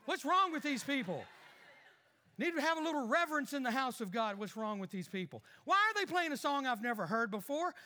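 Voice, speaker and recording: A man's voice: very high voice, sing-song, fairly quick, bright, forceful tone, long reverb tail, heavily acted. A man acting out a petty, grumbling married churchgoer who mutters complaints under his breath and puts on fake cheer for others, in a comic sermon skit.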